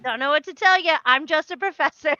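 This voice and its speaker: High-voiced woman player, giggly. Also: brisk, pushed and bright, dry recording, lo-fi sound. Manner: giggly, hesitant, lots of fillers. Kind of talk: casual tabletop play.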